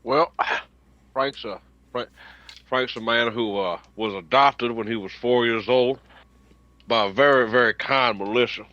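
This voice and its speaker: A man voicing a gruff backwoods man raised by a militia, who talks in a rambling, drawling, folksy way. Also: medium pitch, unhurried, bright, forceful tone, muffled recording.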